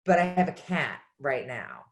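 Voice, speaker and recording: Woman, mom and producer, lively guest, recorded in a roomy space. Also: very deep voice. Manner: laughing, quick to react. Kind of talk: casual chat. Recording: echoey room.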